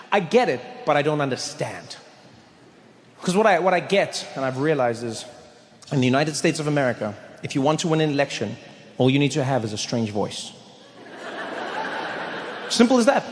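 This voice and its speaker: High-voiced man doing stand-up. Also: slight background noise. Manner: animated, jumps into voices, repeats punchlines. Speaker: stand-up comedian. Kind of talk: stand-up comedy set. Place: live comedy venue. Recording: echoey live hall. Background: audience laughter.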